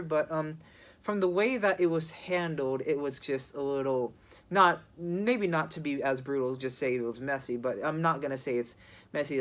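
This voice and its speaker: A film reviewer talking casually and unscripted, often pausing, restarting sentences and leaning on "you know" fillers. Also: medium pitch, a bit bright. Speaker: movie reviewer. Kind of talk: casual spoken movie review.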